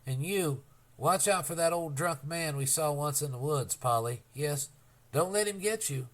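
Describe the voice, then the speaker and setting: A man reading an audiobook, voicing a tearful little girl in a soft, subdued way. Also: on the high side, unhurried. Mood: tender. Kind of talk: audiobook character voice.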